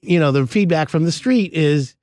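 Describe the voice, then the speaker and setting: A man's voice: on the high side, normal speed. A man hosting a casual chat, telling a story about a contracting job and acting out the quoted lines. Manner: animated, acts out quoted dialogue. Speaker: podcast host, home contractor.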